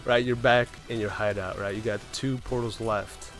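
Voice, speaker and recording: A man's voice: lowish voice, fairly even intonation, normal speed, a bit bright, faint music behind. A man casually telling a story about a game run, rambling along and often tagging on "right?" and "man". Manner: rambling, keeps asking "right?" and saying "man".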